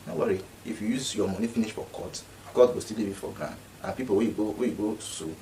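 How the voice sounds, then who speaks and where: A man's voice: on the low side, quick pace, warm tone, far from the mic, slight background noise, poor audio. A man speaking Nigerian Pidgin English, giving an indignant, repetitive casual commentary. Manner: indignant, repeats himself.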